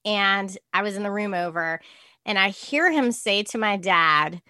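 Woman, guest mom, animated storyteller, crisp dry sound. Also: mid-range voice, measured pace, dry recording. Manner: animated storyteller, acts out her kids. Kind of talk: casual podcast chat.

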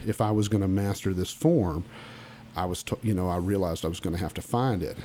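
A deep, dark-toned man talks fairly quickly as a podcast guest, a musician from Oklahoma telling emphatic, blunt stories about growing up. He often restarts, and slight background noise sits under the casual interview.

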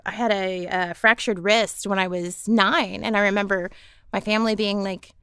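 A woman's voice: medium pitch, normal speed, clear, resonant tone, no room sound, clean studio sound. A woman voice actor, probably in her thirties, chatting casually and acting out family members as she tells stories. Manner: animated storyteller who acts out family members. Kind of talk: casual podcast chat.

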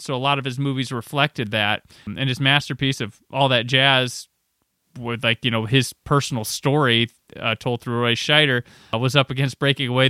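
A man hosting a podcast, chatting casually about a film with rambling anecdotes and quick asides. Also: medium pitch, bright, forceful tone, no room sound, clean studio sound. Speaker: podcast host.

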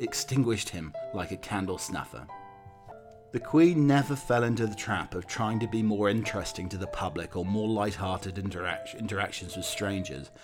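Low-voiced man narrating a documentary.

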